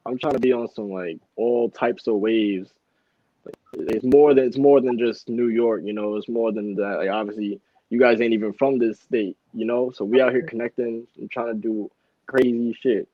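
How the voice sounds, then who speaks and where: A man's voice: mid-range voice, fairly even intonation, normal speed, no echo, muffled recording. A man talking as a rapper guest on a casual podcast, laid-back and slangy, laughing often. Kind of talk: casual chat.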